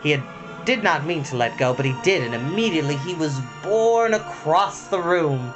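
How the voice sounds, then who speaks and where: A man reading a storybook aloud at bedtime, expressive and dramatic with a gentle touch. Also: a little high, moderate pace, over music.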